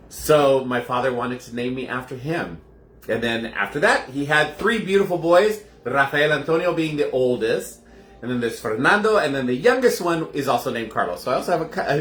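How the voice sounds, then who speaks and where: With a mid-range, slightly bright voice, a man runs a casual live cocktail demonstration from his home, talking straight to the audience. The roomy space echoes, and there's slight background noise.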